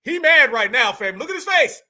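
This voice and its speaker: Reaction host, male, high and piercingly bright, slangy and loud asides. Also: sing-song, normal speed. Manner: slangy, exclaiming, laughing asides. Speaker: commentary host. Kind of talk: reaction commentary.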